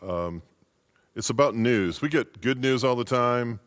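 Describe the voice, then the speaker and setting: A man's voice: medium pitch, a little slow. A male pastor giving a short, informal holiday sermon in a folksy, conversational way.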